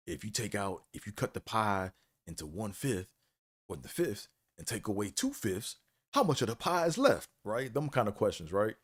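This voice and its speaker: A man hosting a live stream, telling college stories in a laid-back way, full of "man" and "you know". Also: on the low side. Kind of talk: casual storytelling.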